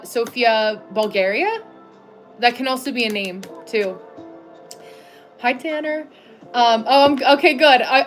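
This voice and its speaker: A middle-aged American woman hosting a casual livestream, chatting and reading viewers' names aloud in a friendly way, with soft music behind her. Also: a little high. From United States. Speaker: livestream host.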